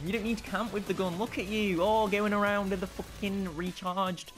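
A young man giving casual, excitable commentary over his own gameplay, swinging between frustrated outbursts and self-mocking asides. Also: high-pitched, normal speed, few pauses, soft background music. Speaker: gaming channel host.

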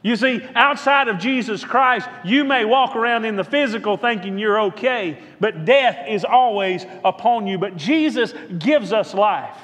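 A man's voice: high-pitched, expressive, a little slow, few pauses, a bit bright, long reverb tail. A man who is a pastor, preaching a sermon with rhythmic repetition and calling out to the congregation for a response. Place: church sanctuary.

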